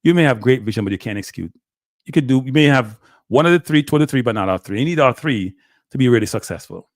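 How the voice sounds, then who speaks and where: A man hosting a casual football talk show, asking animated rhetorical questions and talking with Jamaican-tinged phrasing. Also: mid-range voice, fast, no echo, studio quality. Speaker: show host.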